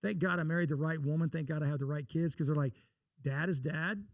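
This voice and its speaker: A man's voice: fairly high pitch, brisk, no room sound, studio quality. A man from Texas, an investor guest in an interview, telling blunt, folksy stories and acting out the dialogue in them. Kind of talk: casual interview storytelling.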